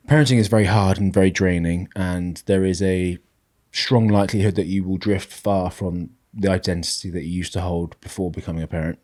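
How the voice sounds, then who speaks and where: A British man co-hosting a podcast, talking in a relaxed, reflective way and giving measured advice. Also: low voice. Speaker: podcast co-host. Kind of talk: casual chat.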